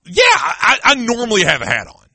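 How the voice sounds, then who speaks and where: A man's voice: very high voice, fairly quick, gravelly, husky, no echo. A man hosting a casual sports radio talk show in a studio, ranting with mock indignation. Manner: excitable, mock-indignant rants. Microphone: studio microphone with headphones.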